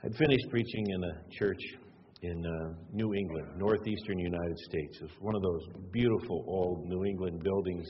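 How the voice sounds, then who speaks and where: A man's voice: deep voice, normal speed, a little hiss or hum. A middle-aged man preaching a sermon, telling family stories in a conversational, self-deprecating way and often repeating words for emphasis. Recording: dull sound with long hall reverb.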